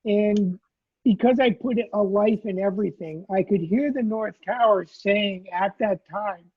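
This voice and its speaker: A man recounting a personal memory as a survivor, lively and acting out the lines he quotes. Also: high voice, measured pace, slightly rough, no room sound. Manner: animated storyteller, acts out quoted lines. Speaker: survivor telling his story. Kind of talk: personal storytelling in a conversation. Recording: tinny phone-like line.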